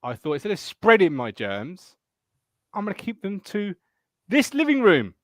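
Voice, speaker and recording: A man's voice: high-pitched, wildly swooping pitch, moderate pace, a bit bright, dry recording, studio quality. Sick, self-mocking Suffolk man hosting. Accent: Suffolk English. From Suffolk, England. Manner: swearing, laughing, self-mocking. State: ill with tonsillitis. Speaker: fan show host. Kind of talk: casual live fan chat. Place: living room at home.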